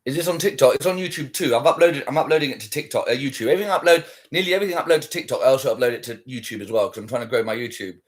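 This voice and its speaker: A man's voice: mid-range voice, expressive, rapid-fire, few pauses. Rambling, foul-mouthed livestreamer man. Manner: rambling, swearing, chatting with viewers. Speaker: livestream host. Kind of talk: casual livestream chat.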